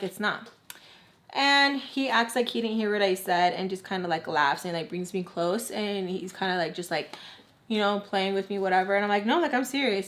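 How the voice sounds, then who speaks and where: A woman's voice: mid-range voice, a bit bright. Chatty young woman telling a story. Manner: chatty, heavy use of "like", acts out quoted voices. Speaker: storytime vlogger. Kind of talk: casual storytime. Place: home, doing makeup.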